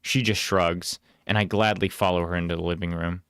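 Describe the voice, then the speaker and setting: A man reading a storybook aloud in a plain, unhurried way with small casual asides. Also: low voice, steady tone, a bit bright, clean tone, no room sound, studio quality.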